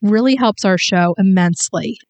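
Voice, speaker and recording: A woman co-hosting a casual podcast chat, playful and quick to laugh. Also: mid-range voice, darkish tone. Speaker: podcast co-host.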